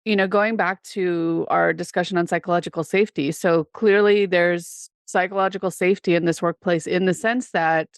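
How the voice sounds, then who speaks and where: A woman's voice: on the low side, steady tone, moderate pace, hardly any pauses, no room sound, clean studio sound. A woman co-hosting a podcast in casual chat, a coach who laughs often and talks with many fillers.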